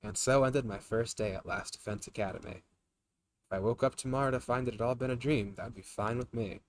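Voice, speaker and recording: A man reading a tired, bewildered young student's inner monologue aloud from a game, quietly and at an even pitch. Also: brisk, lightly acted. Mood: weary. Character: weary, bewildered young male student narrator.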